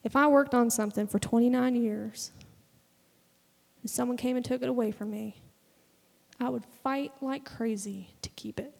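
A woman's voice: fairly high pitch, steady tone, moderate pace, vocal fry, pauses often, darkish tone. A woman in her twenties preaching a sermon in a fervent, conversational way, acting out little bits of dialogue. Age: 20s. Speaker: speaker giving a testimony sermon. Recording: long hall reverb.

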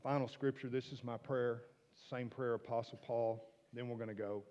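A man preaching a sermon, swinging from soft hushed asides to loud emphatic declarations. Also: mid-range voice, fairly even intonation, moderate pace, big-room sound, dull audio. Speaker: pastor.

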